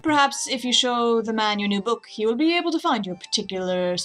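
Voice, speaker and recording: A woman voicing a secretive, composed male bird rebel in a game, speaking in a guarded, measured way. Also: fairly high pitch, lively intonation, fairly bright tone, faint music behind, rough recording. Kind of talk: game dialogue read aloud.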